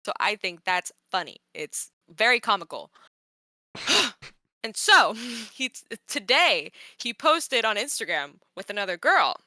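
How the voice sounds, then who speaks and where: A young woman host retelling a personal story in casual podcast chat, animated and exasperated, laughing often. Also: mid-range voice, a little slow, dry recording.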